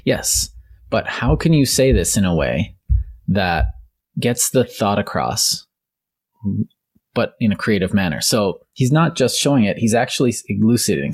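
Co-hosting a casual discussion podcast, a man rambles with enthusiasm about literature and often corrects himself. His lowish, slightly rough voice swings widely in pitch at a normal speed.

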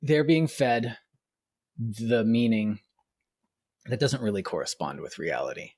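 A Canadian man in casual chat, telling animated stories, acting out quoted voices and laughing often. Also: mid-range voice, unhurried, no room sound, clean studio sound.

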